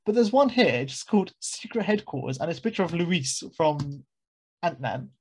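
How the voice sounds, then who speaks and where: A man in his twenties, co-hosting a casual podcast chat, quick and rambling with laughs between remarks. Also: a little high, sing-song, a little mellow, a little hiss or hum. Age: 20s. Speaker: podcast co-host.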